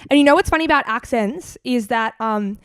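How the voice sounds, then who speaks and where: Young woman, Queensland Australian accent, podcast co-host, chatty storyteller, slightly high pitch, dry recording. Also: fairly quick, smooth, no room sound. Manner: chatty storyteller, heavy use of "like". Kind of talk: casual chat.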